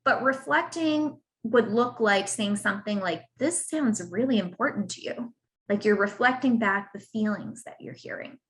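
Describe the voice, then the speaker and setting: A woman's voice: medium pitch, normal speed, poor audio. A woman presenting a webinar as a cancer coach, explaining in an earnest, patient way and giving example phrases, on a computer mic over a video call. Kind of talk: online presentation.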